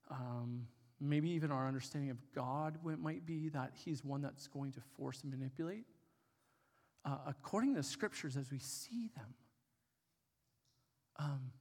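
A man preaching a sermon, telling a personal story in a casual, conversational way with fillers. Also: on the high side. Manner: conversational, with fillers and animated retelling. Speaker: pastor. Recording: long hall reverb.

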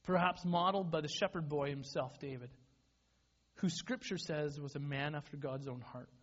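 A man preaches a sermon in a loose, conversational way, often restarting his words. His voice sits fairly high, and the recording sounds dull and lo-fi. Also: normal speed, a bit bright. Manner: conversational, self-deprecating, repeats and restarts words. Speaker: pastor.

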